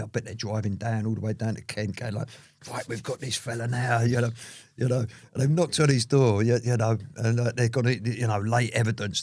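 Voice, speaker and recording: A man's voice: lowish voice, darkish tone, no echo. A man, an interview guest telling his story in a rambling, casual way full of "you know".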